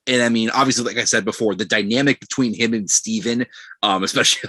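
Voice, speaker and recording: A man's voice: on the low side, pushed and bright, no echo. A man chatting enthusiastically about a TV episode on a podcast roundtable. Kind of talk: casual roundtable chat.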